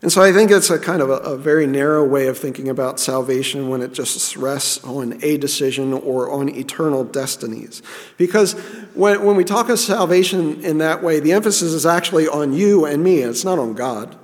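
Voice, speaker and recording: A man's voice: a little high, a little fast, big-room sound. A man preaching a sermon in an earnest, repeating way, often restarting his sentences. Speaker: pastor.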